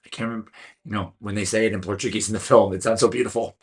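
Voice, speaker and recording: A man's voice: on the low side, steady tone, rapid-fire, husky. A man with a Californian American accent, giving a chatty, earnest solo film review and stumbling now and then over names. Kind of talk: casual solo video review.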